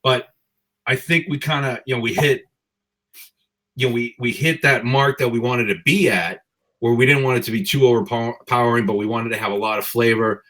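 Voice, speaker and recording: A man co-hosting a casual talk, speaking relaxed and hedging with fillers. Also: medium pitch, normal speed. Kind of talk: casual chat.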